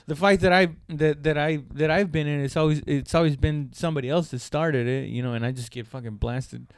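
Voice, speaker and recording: A man's voice: a little high, steady tone, brisk, smooth, dry recording, studio quality. A young man co-hosting a comedy podcast, talking in a rambling, profane, self-mocking way in casual chat.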